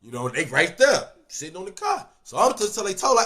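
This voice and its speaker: A man's voice: high voice, wildly swooping pitch, fairly quick, vocal fry, fairly bright tone. A man with a Chicago accent telling a street story in casual, slangy talk, often asking "you know what I'm saying".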